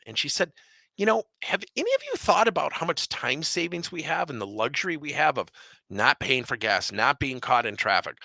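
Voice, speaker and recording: A middle-aged man from Wisconsin, a business coach telling stories in an energetic keynote, acting out quotes and jumping up in pitch for emphasis. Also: gravelly, no room sound. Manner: animated, jumps high in pitch for emphasis, acts out quotes.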